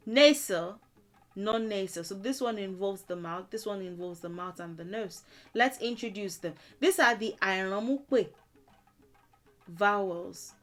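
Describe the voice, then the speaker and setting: A woman gives a beginners' lesson, speaking very slowly and repeating each sound so learners can copy her. Her pitch sits in an ordinary middle range, and soft music plays faintly behind her. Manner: repeats words and letters slowly for learners to copy, with light laughs. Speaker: language teacher. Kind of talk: slow explanatory lesson with drilled pronunciation.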